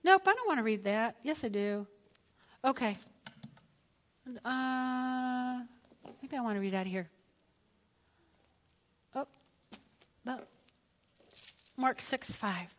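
A woman preaching a lively sermon, telling Bible stories and acting out the quotes herself. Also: sits high, slow pace, long pauses, long reverb tail, slight background noise. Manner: animated storytelling, acting out quotes.

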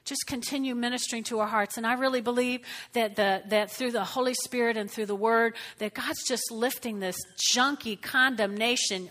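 Woman pastor, bright-voiced and exuberant, preaching and praying with a fairly high voice. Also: normal speed. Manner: exuberant, animated preaching with sudden exclamations. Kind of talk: sermon with prayer.

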